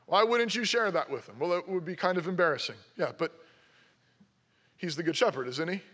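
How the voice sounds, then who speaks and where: Male pastor, high bright voice, preaching with insistent repeated questions. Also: expressive, fairly quick. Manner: exhorting, repeats rhetorical questions. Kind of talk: sermon.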